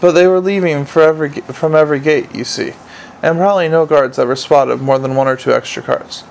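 A man's voice: fairly high pitch, brisk, creaky, a little hiss or hum, poor audio. A man voicing an eager, pedantic little male imp who talks in a prim, literal way.

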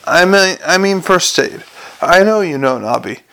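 An earnest, patient young officer of the watch, played by a man reading the story works through his reasoning slowly and plainly. The voice is a little high with some gravel underneath. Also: animated, sharp tone, exaggerated voice. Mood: explaining. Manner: earnest, careful explaining.

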